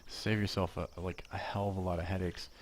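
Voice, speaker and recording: A man teaching a casual software lesson from home, chatting and joking while he works and talking to himself as he goes. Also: deep voice, level tone, a little fast, slight background noise.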